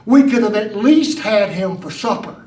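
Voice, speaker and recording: A woman's voice: mid-range voice, lively intonation, normal speed, reverberant, distant mic, heavy background noise, voice pushed down, lightly acted. A man voicing an elderly country grandmother, fussy and practical, with a drawling, matter-of-fact way of speaking. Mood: wry.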